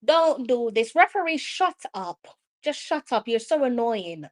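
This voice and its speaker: Excitable Jamaican woman commentating live. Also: fairly high pitch, a little slow. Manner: excitable, exasperated, slips into patois. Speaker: live stream host. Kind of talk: live football watch-along commentary.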